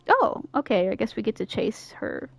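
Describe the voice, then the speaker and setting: A woman's voice: mid-range voice, creaky, a little mellow, no echo. A woman streaming a game, playful and giggly, joking about herself as she reads the dialogue aloud. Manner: playful, giggly, self-mocking.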